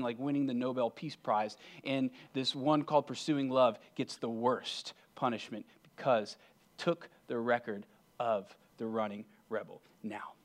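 A man preaching a sermon as pastor. His pitch sits in the middle, and he is earnest throughout. He swings from emphatic, raised lines to hushed near-whispers.

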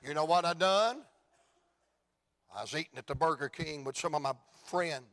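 A man with a Southern US accent preaching an evangelistic sermon, telling folksy stories and building to shouted climaxes. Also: fairly high pitch, normal speed. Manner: folksy storytelling, rising to shouts.

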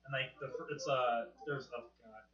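A young man co-hosting a podcast in casual chat, rambling excitedly, swearing often and restarting his sentences. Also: medium pitch, normal speed. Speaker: podcast co-host. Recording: roomy, muffled podcast recording.

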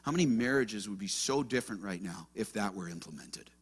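A man's voice: lowish voice, lively intonation, a little fast, husky. A man pastor preaching an earnest sermon with emphatic rhetorical questions.

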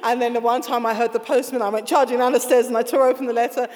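Animated woman author telling stories. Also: fairly high pitch, rapid-fire, in a large hall. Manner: animated, laughing, acts out quoted voices. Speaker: author being interviewed. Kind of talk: casual interview storytelling.

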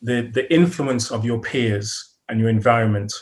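A man's voice: mid-range voice, normal speed. Earnest British man telling his story. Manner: earnest, repeats words as he thinks, chuckles often. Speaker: podcast guest. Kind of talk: reflective interview storytelling.

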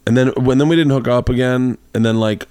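A man's voice: mid-range voice, fairly even intonation, fairly quick, darkish tone, clear, resonant tone, no echo. A man hosting a podcast, telling a long, rambling anecdote in casual chat and acting out the voices of the people in it. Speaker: podcast host. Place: home studio room.

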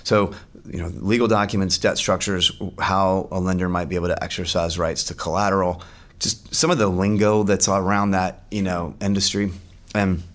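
Deep-voiced man telling stories casually. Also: normal speed. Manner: animated, acts out quotes, laughs often. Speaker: podcast guest. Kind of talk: casual storytelling chat.

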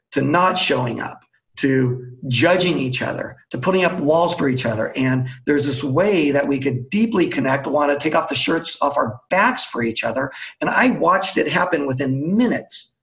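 Gravelly-voiced man telling a story. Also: fairly high pitch, normal speed, rough recording. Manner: lively storyteller who acts out dialogue. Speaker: guest, team storytelling coach. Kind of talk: animated anecdote telling in a live webcast interview. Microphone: video call.

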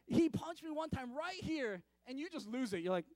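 A man preaching a sermon in a casual, conversational way, often repeating words and swinging from loud to hushed. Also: very high-pitched, dry recording. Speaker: pastor.

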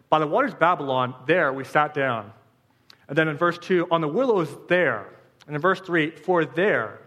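A man delivers a sermon to his congregation, his voice pitched a touch high. He leans on rhetorical questions and repeated phrases to drive each point home. The sound rings with a long reverb, as in a church hall. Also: fairly bright tone. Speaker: pastor.

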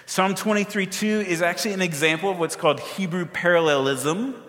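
A man preaching a sermon, energetic, throwing questions and asides to the congregation. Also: high voice, a little fast, long reverb tail. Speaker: pastor.

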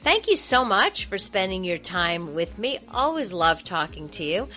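A woman's voice: medium pitch, big pitch swings, a little slow, sharp tone, faint music behind. A woman hosting a radio talk show, chatting casually with many fillers and restarts.

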